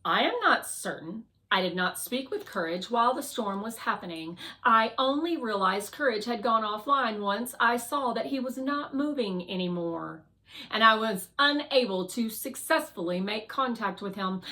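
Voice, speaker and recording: A woman's voice: a little high, animated, moderate pace, bright, forceful tone. A woman voicing a stiff, formal guardian robot that speaks primly and teases dryly. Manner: prim and formal, dryly teasing.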